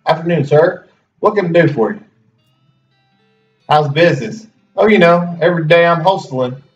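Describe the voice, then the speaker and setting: A man voicing a downtrodden old-west horse seller, talking slowly and plaintively. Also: fairly high pitch, lightly acted. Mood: weary. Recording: roomy, distant, dull, faint music.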